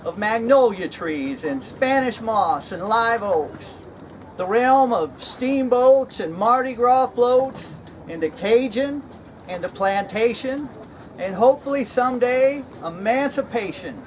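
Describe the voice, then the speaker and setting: Fully in character, a man uses a very high voice with lively intonation and takes his time. His Straw Hatter is jovial, folksy, and a bit mad, chuckling at his own jokes during a comedy skit at an outdoor reenactment with crowd noise audible.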